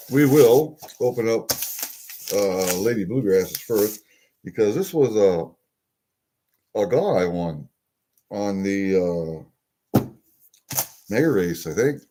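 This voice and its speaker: This older livestreamer speaks in a warm, lowish voice as he unboxes packages at his desk, rambling casually and saying hello to viewers. A slight background noise is audible through his desk webcam.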